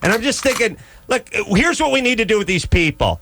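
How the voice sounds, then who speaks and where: Brief: male talk radio host, profane comic ranter, lively swoops in pitch, a bit high, very dry sound. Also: a little fast, no room sound. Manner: profane, exasperated storytelling rant; punchy delivery, jumps into high mocking voices.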